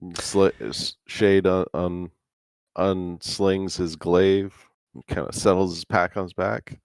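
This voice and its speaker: A man's voice: sits low, level tone, takes it slowly, a little mellow, clean tone, no echo. A man playing a tabletop game in a laid-back way, chuckling now and then. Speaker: player.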